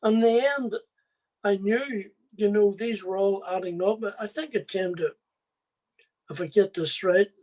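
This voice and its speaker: Slow-spoken man telling his story. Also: sits high, a little mellow, husky. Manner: slow, plain storytelling addressed straight to listeners. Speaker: speaker giving a personal testimony. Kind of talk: personal faith testimony.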